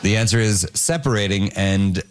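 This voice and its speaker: A man's voice: on the low side, moderate pace, clean tone, a faint crowd. A man hosting a comedy panel show, reading headlines and dryly quizzing the panelists. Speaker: host.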